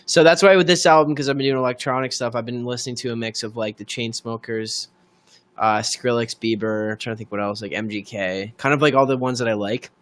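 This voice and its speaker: A man's voice: medium pitch, steady tone, fairly quick, a bit bright. A man, a singer-songwriter, chatting casually with viewers on a livestream, rambling with lots of fillers. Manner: rambling, filler-heavy, thanks viewers by name.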